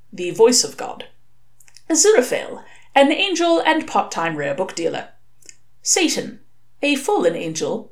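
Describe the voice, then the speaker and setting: A woman reading a novel aloud in an expressive storytelling manner. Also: medium pitch. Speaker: reader.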